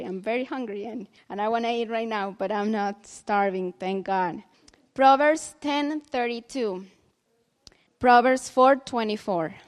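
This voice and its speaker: A woman giving earnest devotional teaching and reading Bible verses aloud. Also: mid-range voice. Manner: earnest and heartfelt; reads scripture aloud slowly.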